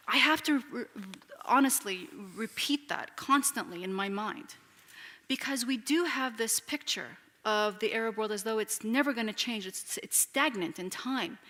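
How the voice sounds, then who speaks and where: A woman, an author taking questions at a public talk, speaks in an animated way with frequent restarts and "you know.". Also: medium pitch. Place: lecture hall with an audience. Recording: long hall reverb.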